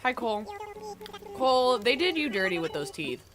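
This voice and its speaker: A woman's voice: on the high side, very animated, normal speed, noisy background. A young woman streaming a game, chatting casually and answering her chat, with a stuffy nose. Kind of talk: casual chat while gaming.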